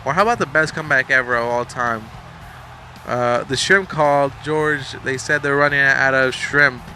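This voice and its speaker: A man's voice: mid-range voice, moderate pace, bright, forceful tone, faint music behind. A young man casually commentating a wrestling video game, rambling, joking and swearing, a bit sleepy. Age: young adult. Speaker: gameplay commentator.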